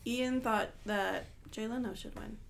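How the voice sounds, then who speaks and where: A woman's voice: on the high side, steady tone, a little slow, creaky, a little hiss or hum. Young woman, laid-back and giggly. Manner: laid-back, self-deprecating, swearing, giggling. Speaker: podcast co-host. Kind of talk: casual chat.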